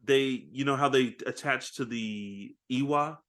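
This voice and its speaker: A man co-hosting a podcast tells a movie story in a loose, chatty way. He acts out the characters' lines, laughs often, and talks at a middle pitch. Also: a little slow, fairly bright tone. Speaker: podcast co-host. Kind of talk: casual chat recapping a movie.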